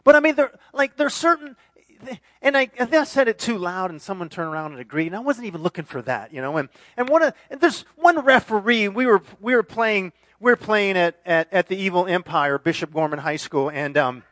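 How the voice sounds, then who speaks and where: A high-pitched man in his forties delivers a sermon in a lively, self-mocking way, often restarting his sentences. His voice sounds close and dry, with no room around it. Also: fairly quick, dry recording. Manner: animated and self-deprecating, with many restarts. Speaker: pastor.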